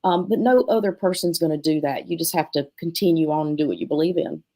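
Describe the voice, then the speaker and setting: A woman's voice: low-pitched, fast talker. A middle-aged woman who owns a dance studio, telling stories in a casual chat and acting out the voices of people she quotes. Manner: animated, acts out quotes in different voices. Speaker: guest, dance studio owner.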